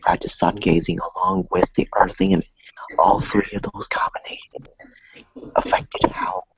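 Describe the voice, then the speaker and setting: A man with a low, husky voice talks in a casual chat, often dropping into a soft half-whisper. His voice is gravelly, and the sound is muffled. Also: little pitch movement, moderate pace, no room sound. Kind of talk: casual conversation.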